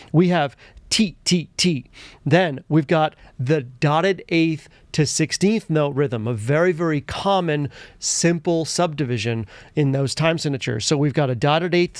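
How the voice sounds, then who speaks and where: Man, music teacher, patient step-by-step explanation, slightly high voice, dry sound. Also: dry recording. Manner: patient, explanatory, chants rhythm syllables. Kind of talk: screen-recorded music theory lesson.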